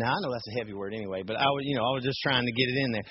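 A man, a youth group leader, telling a personal story in a lively way, full of fillers and acted-out quotes. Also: mid-range voice, rapid-fire, hardly any pauses, lo-fi sound, background noise.

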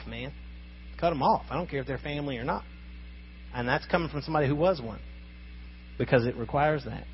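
A man's voice: mid-range voice, lo-fi sound, slight background noise. A man preaching a sermon in a conversational, emphatic way, asking his listeners rhetorical questions. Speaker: pastor.

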